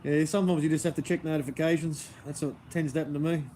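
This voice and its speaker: A man's voice: a little high, little pitch movement, fast talker, mellow, a little hiss or hum. An Australian man chatting casually on a livestream, laid-back and chatty, often laughing as he answers viewers.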